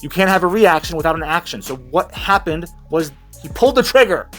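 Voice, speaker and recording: A man's voice: on the high side, lively intonation, fairly quick, fairly bright tone, faint music behind. A man giving sarcastic, mocking reaction commentary, rambling with restarts. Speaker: commentary vlogger.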